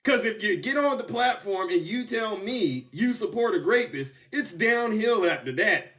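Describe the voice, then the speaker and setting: A man hosting a casual political commentary livestream, animated and teasing, breaking into laughter and whoops. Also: high voice, moderate pace, far from the mic. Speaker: TikTok live host. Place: car.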